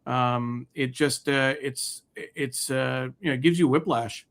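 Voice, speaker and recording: A man's voice: mid-range voice, a little slow, a bit bright. A man co-hosting a casual news discussion, thoughtful and hesitant, with many fillers. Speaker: co-host.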